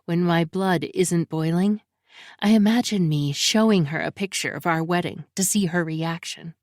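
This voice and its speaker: A woman's voice: lowish voice, moderate pace, darkish tone, dry recording, clean studio sound. A woman reading a first-person thriller audiobook in a tense, brooding storytelling manner. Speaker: audiobook narrator.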